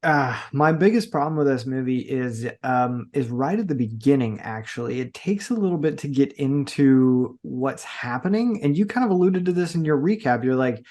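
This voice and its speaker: A man's voice: mid-range voice, lively intonation, normal speed, hardly any pauses, darkish tone. A man co-hosting a podcast, chatting casually and enthusiastically. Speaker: podcast co-host. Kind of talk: casual chat.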